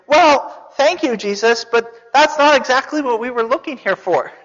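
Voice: sits high, moderate pace, a bit bright. A preacher voicing the friends of a paralyzed man, speaking politely and sounding mildly let down. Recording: dull reverberant hall recording.

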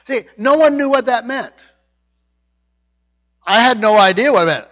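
A man's voice: extremely high pitch, expressive, moderate pace, a bit bright, muffled recording. A man preaching a conversational sermon, repeating his points with emphasis. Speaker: pastor.

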